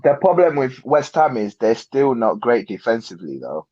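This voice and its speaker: A man's voice: medium pitch, very animated, normal speed, darkish tone, dry recording, dull audio. A man on a football podcast call, making blunt points. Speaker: podcast panelist. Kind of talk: casual banter.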